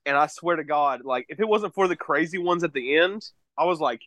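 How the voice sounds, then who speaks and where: A man in relaxed podcast chat, his voice sitting a little high for a man. He swears freely and circles back through fillers as he talks. The sound is dry and close, with no room around it. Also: fairly quick, no echo. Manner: casual and profane, with fillers and restarts. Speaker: podcast co-host. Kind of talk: casual chat about cult horror films.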